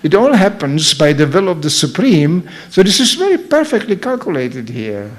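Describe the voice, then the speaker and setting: A man acting out a calm, analytical male priest-scholar who reasons everything through. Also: high-pitched, normal speed.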